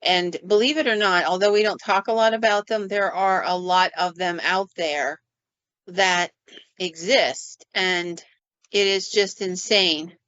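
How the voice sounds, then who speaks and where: A woman's voice: fairly low pitch, measured pace, no room sound. Storytelling woman on a dull, dry recording. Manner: lively, acts out sounds and quotes. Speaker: paranormal investigator. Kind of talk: casual podcast storytelling.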